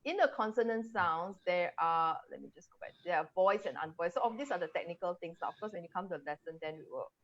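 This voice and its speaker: A woman's voice: lowish voice, lively intonation, fast, few pauses, dull audio. A Singaporean woman, an English coach, teaching pronunciation on a video call. She drills sounds aloud and laughs often. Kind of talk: webinar teaching, demonstrating sounds.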